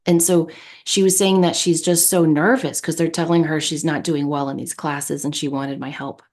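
Animated storytelling woman podcaster. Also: deep voice, normal speed. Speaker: podcast co-host. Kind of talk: casual chat.

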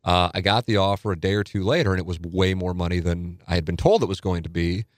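A man from South St. Louis spins a long anecdote in a relaxed interview. His voice sits on the low side, and he animates the story by acting out the lines of the people in it. The sound is close and dry, with no room echo. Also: fast talker. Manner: animated storyteller who acts out quotes. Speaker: sports radio co-host and guest.

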